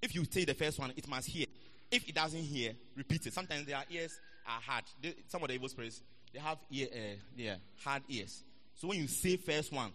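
A man's voice: mid-range voice, moderate pace, sharp tone, in a large hall. A man preaching a sermon, playful and teasing, repeating words for emphasis. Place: church hall.

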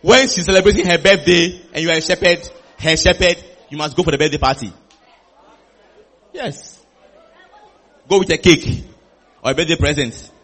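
A male preacher with a high, husky voice delivers an animated sermon. He repeats phrases for emphasis and slips into playful acted-out conversations with the congregation. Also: moderate pace, pauses often, some chatter behind. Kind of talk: lively sermon with acted dialogue.

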